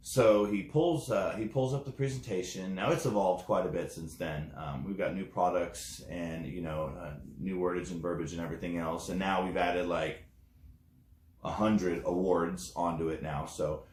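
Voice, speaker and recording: A man's voice: sits low, steady tone, normal speed, darkish tone, reverberant. A man telling his testimonial story casually, rambling with many fillers and acting out the dialogue he quotes. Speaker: network marketing distributor.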